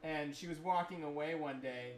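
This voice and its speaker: A man spins a rambling, animated childhood story in casual chat, his voice slightly high. He is recorded in a roomy, echoing space with a faint hum underneath. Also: moderate pace. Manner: animated, rambling anecdote with fillers. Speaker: livestream co-host. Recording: echoey room with faint noise.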